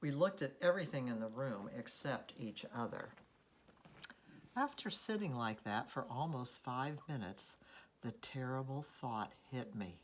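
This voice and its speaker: Slow, lively woman reading a children's story. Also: rumbling low. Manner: expressive, unhurried storytelling. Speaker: storybook reader. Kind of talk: children's story read aloud.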